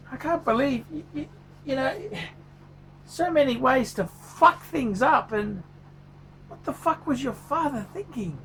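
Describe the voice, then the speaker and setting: A man's voice: very high voice, gravelly, bright, forceful tone, a little hiss or hum, full character voice. A man voicing a furious, foul-mouthed male watch reviewer who swears constantly in a paid review rant. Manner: swears constantly, ranting, blunt.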